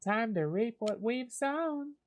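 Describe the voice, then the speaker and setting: A sweet young village woman with a Southern US accent, as a man puts her on in a high voice. She talks slowly in a sing-song, genteel way, like a polite cozy-game farmer. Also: lively intonation, a little hiss or hum, full character voice.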